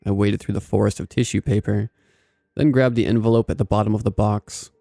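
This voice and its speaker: A man narrating a scripted first-person story in a measured, even way. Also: lowish voice, gravelly, no echo, soft background music.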